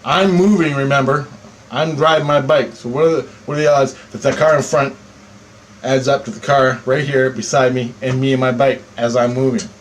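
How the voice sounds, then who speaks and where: Man, mid-pitched voice, profane rambling monologue, constant swearing, faint noise behind. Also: normal speed. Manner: swears constantly, animated storytelling. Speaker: vlogger.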